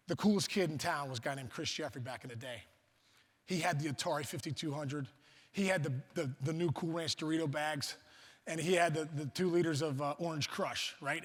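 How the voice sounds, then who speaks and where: High, bright man telling a story in a hall. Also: creaky, breathy edge. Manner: animated, acts out voices, loud outbursts. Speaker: luncheon speaker. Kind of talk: humorous storytelling speech. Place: banquet hall. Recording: reverberant hall.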